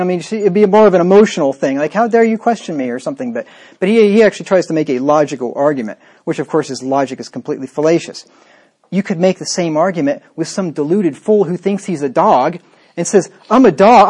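A man's voice: a little high, darkish tone. A man preaching a sermon in a scornful, combative way, with frequent rhetorical asides to the listener.

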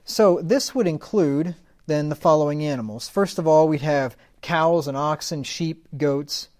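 A man teaching from the Bible, reading verses slowly, then explaining them casually with asides. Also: fairly high pitch, a little mellow. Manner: reads scripture slowly, then explains in a loose conversational way with asides.

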